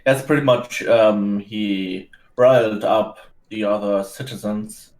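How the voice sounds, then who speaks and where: Slow, low-voiced man, hesitant player. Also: steady tone, a little mellow. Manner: hesitant, many fillers and restarts. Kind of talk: in-character tabletop role-play. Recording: roomy echo.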